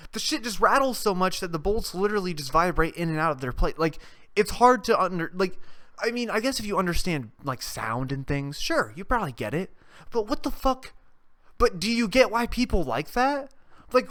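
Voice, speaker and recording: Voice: mid-range voice, a bit bright. Profane rambling young podcast host. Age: young adult. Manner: profane, rambling, sarcastic, laughs at own jokes. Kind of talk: off-the-cuff solo rant.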